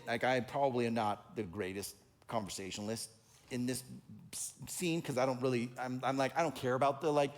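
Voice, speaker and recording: A male pastor giving a conversational sermon, telling stories and acting out other people's voices in an animated way. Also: mid-range voice. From Oregon.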